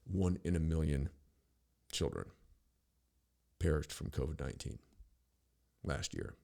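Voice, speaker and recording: A man's voice: rumbling low, animated, unhurried, vocal fry, a little mellow. A middle-aged man hosting a podcast, ranting in a rambling, profane, sarcastic monologue full of restarts. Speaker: podcast host.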